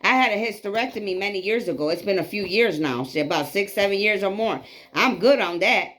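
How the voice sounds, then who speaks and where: A woman's voice: medium pitch, expressive, brisk, a bit bright. A woman in her late forties giving an emphatic, repetitive spiritual tarot reading, preachy and casually profane. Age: 40s. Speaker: psychic reader.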